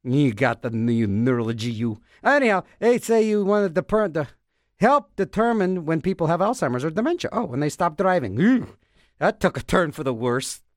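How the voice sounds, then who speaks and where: Goofy rambling high-voiced radio host. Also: male voice, very animated, moderate pace, no room sound, clean studio sound. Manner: goofy, self-mocking, repeats words in silly voices. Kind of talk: rambling comedic radio banter.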